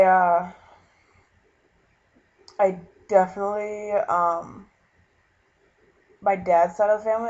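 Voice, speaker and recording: A young man from Minnesota talking earnestly in a casual vlog, halting and full of fillers as he retells a conversation. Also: sits high, a little mellow. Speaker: vlogger. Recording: dull lo-fi webcam recording.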